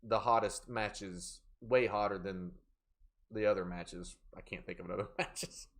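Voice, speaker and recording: A man's voice: lowish voice, steady tone, measured pace, fairly bright tone. A man live-streaming a horror game, joking around and reading out and thanking viewers from chat. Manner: joking, playful banter with chat; reads out viewer names and thanks. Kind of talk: casual live gameplay chat.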